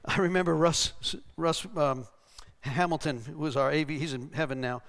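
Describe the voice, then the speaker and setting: Higher-voiced pastor telling stories in a sermon. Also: male voice, fairly even intonation, normal speed, a bit bright. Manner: conversational, tags lines with "right?", acts out the voices in his stories. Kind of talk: sermon teaching with anecdotes. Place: church.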